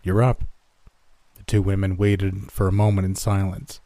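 Man with a low, mellow voice. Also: monotone, normal speed, dry recording. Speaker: narrator. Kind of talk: scripted horror narration.

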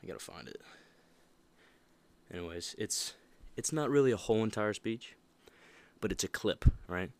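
Young male podcast host, low voice, animated motivational monologue, dry close recording. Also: normal speed, long pauses, smooth, no room sound. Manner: animated, emphatic, laughs often.

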